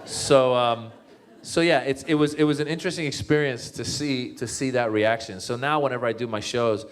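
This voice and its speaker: A male comedian tells a long story to a crowd. His voice sits mid-range, and it leaps up when he acts out his own reactions. He talks loosely, with plenty of restarts and fillers. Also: normal speed. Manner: animated, jumps up in pitch to act out his own thoughts. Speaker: comedian as guest speaker. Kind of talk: storytelling talk.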